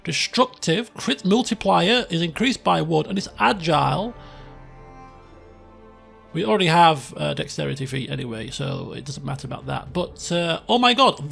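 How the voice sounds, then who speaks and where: Excitable man with a gravelly voice. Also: on the high side. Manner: chatty, excitable, self-mocking. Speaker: let's play host. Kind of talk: casual gameplay commentary.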